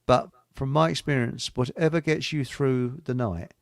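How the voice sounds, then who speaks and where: A man's voice: medium pitch, normal speed, gravelly, no room sound, studio quality. A man hosting a casual radio chat, rambling through anecdotes with chuckles. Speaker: host.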